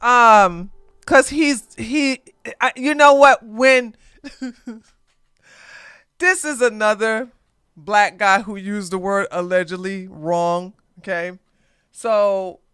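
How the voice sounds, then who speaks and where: A woman streamer chats through a casual commentary stream with a bright, sharp voice. Her tone is crisp and clear, and the sound is dry and close. She laughs often and gets animated as she reacts. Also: mid-range voice, no echo. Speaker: livestream host.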